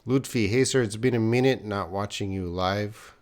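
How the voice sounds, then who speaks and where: A man's voice: lowish voice, moderate pace, darkish tone. A young man teaching English on a live stream, reading viewers' questions aloud and answering them in an encouraging way. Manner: encouraging, talks straight to viewers, repeats names.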